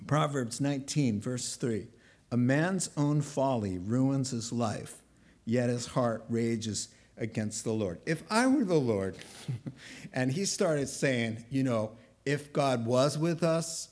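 A man preaching a sermon, animated, acting out biblical dialogue with a sarcastic edge. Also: mid-range voice, slow pace.

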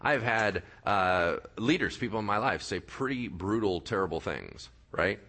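A man over forty preaching a sermon, swinging from quiet low passages to loud raised ones. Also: expressive, a little slow. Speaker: pastor.

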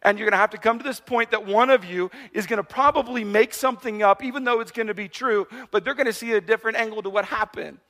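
Male pastor, high bright voice, lively joking sermon delivery. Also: quick pace, few pauses. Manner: animated, conversational preaching with playful asides.

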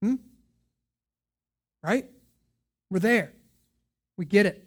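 A man preaching a sermon as pastor, asking rhetorical questions and swinging from hushed lines to loud emphatic ones. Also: high-pitched, animated, drawn-out words, slightly rough.

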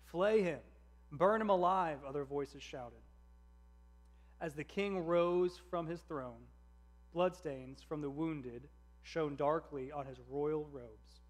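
A man reading a story aloud in a measured, earnest narration. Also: a little high, a little mellow.

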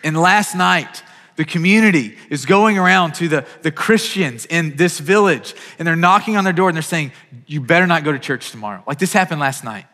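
Guy preaching a sermon, kinda high voice, earnest, echoey church hall. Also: lively intonation, moderate pace, sharp tone. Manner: earnest, repeats words when starting phrases, rising to urgent peaks. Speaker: pastor.

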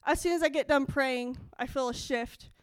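A young adult woman giving an excited, animated testimony in a church service, acting out her own quoted dialogue. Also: high voice, normal speed, no room sound. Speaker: church speaker.

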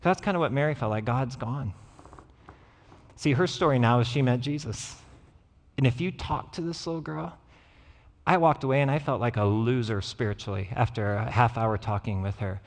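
Pastor preaching in an echoing hall. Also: male voice, mid-range voice, normal speed. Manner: storytelling, acts out quoted voices. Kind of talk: sermon. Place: church sanctuary. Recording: church hall reverb.

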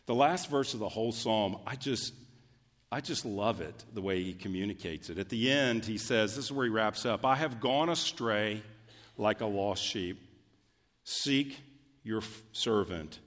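A man preaching a sermon as pastor, conversational and emphatic, with sudden loud peaks. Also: on the low side, a little slow. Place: church sanctuary. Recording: long hall reverb from a church.

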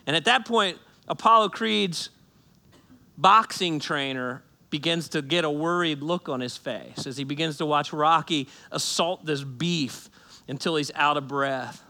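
A man preaching a sermon to a congregation in a church, retelling a story with animated, joking delivery. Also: on the high side, a little slow. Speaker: pastor.

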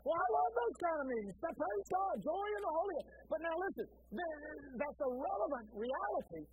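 A woman preacher delivering a sermon, telling stories with animated energy and often repeating her phrases. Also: very high voice, fairly quick, lo-fi sound, a little hiss or hum.

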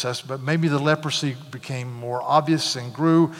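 A pastor preaches a sermon in a church sanctuary, retelling a scripture story with animation and casual asides. His voice is mid-range and moderately paced, and the recording carries a long hall reverb.

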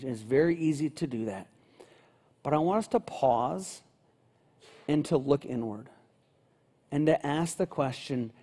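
A male pastor gives an earnest, unhurried sermon with a mellow, warm tone. His voice carries a long reverb through a church sanctuary. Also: fairly high pitch, big pitch swings, husky. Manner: earnest, unhurried preaching with slow scripture reading.

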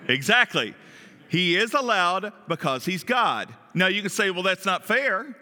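A man's voice: sits high, lively intonation, a little slow, bright, forceful tone. A man preaching a sermon in a conversational way, often asking his listeners questions. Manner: conversational, asks the congregation questions. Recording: long reverb of a large hall.

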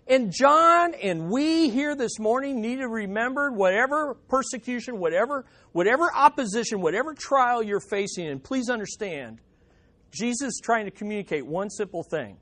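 A man's voice: high voice, expressive, moderate pace, a bit bright. A man preaching a sermon, stressing points by repeating them. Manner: emphatic, repeating key phrases. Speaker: pastor.

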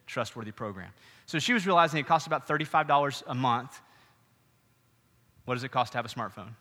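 Bright-voiced pastor preaching in a hall. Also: male voice, mid-range voice. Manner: conversational, animated preaching with frequent asides. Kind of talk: sermon. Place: church hall. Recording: reverberant church hall.

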